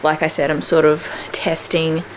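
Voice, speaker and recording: Though her delivery is flat, this young woman keeps a moderate pace and an upbeat, chatty manner as she tells the camera about her day at home, with slight background noise. The fitness vlogger also slips into squeaky baby talk for her dog.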